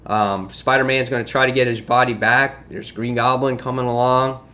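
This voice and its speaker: A man casually reviewing a comic book on his vlog, excitably retelling the story. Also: mid-range voice, normal speed, muffled recording.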